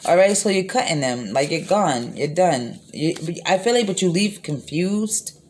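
Woman tarot reader, slightly low voice, recorded on a phone. Rambling, blunt, casual delivery. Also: animated, measured pace, a little hiss or hum. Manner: rambling, repeats herself, frequent fillers; profane, blunt.

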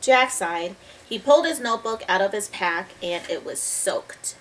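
A woman reads a children's chapter book aloud in a lively, expressive way. She pauses now and then to talk about the pictures. Her voice is mid-pitched, and the mic sits at a distance. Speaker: storybook reader.

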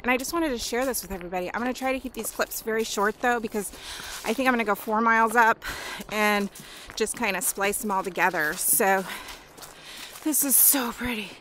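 A woman's voice: a little high, brisk, a bit bright, rough recording. A chatty woman from Wisconsin, out of breath as she walks and records a casual vlog on an outdoor trail with a handheld camera, gushing about the scenery. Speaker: vlogger. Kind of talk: casual walk-and-talk vlog. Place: outdoors on a windy rural trail. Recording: wind noise on the mic.

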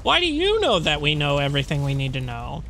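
A man's voice: fairly high pitch, wildly swooping pitch, fast talker, vocal fry, sharp tone, a little hiss or hum. A young man commentating casually on a horror game, rambling, laughing and swearing. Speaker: let's play host.

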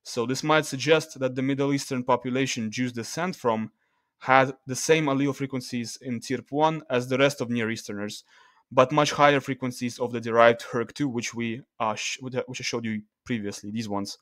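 A man talking through charts in a casual screen-share video, loose and halting, with restarts and fillers as he reads the numbers. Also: mid-range voice, fairly even intonation, a bit bright, no echo, studio quality. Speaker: video creator.

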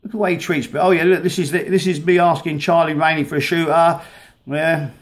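A vlogger ranting angrily while playing clips of videos, swearing heavily and stumbling over repeated words. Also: male voice, a little high, little pitch movement. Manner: swears heavily, halting and repetitive. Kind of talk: angry rant over played videos.

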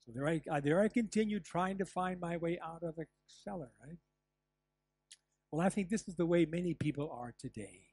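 Brief: older man, pastor, storytelling sermon, slightly high voice, dry close sound. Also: normal speed, dry recording. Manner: animated storytelling with asides and laughs. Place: church.

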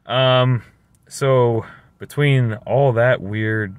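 A man's voice: medium pitch, steady tone, drawn-out words, smooth, no echo. A man telling a story in a casual, rambling, exasperated way, full of slang. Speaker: vlogger.

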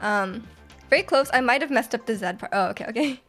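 A woman's voice: sits high, expressive, normal speed, fairly bright tone, soft background music. A woman live-streaming a video game, chatting casually with her chat, giggling often and reading messages aloud.

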